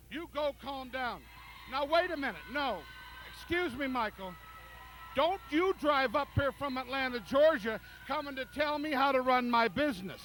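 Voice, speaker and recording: A wrestling promoter stands his ground, blunt and stubborn. His voice is very high for a man and bright. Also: poor audio. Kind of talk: on-air argument.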